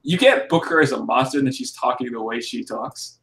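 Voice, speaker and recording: A man's voice: medium pitch, expressive, a little fast, a bit bright. A man co-hosting a podcast, chatting casually about wrestling with blunt, profane jokes. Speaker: podcast co-host.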